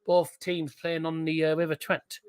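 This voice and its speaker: A man's voice: on the high side, monotone, normal speed, clear, resonant tone. A man hosting a live stream, calling out cup draw fixtures and chatting with viewers in the live chat. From England.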